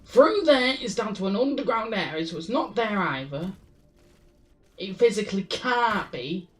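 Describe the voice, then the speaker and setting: A woman's voice: mid-range voice, lively intonation, moderate pace, far from the mic. A woman streaming a game, swearing and talking to herself in frustration as she searches for the way forward. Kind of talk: live gameplay commentary.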